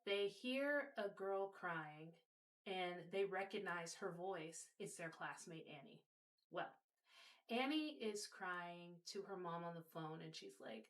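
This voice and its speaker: A woman's voice: on the low side, animated, measured pace. A woman hosting a video, casually explaining a topic and telling a story, speaking directly to her viewers. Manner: warm direct address to viewers.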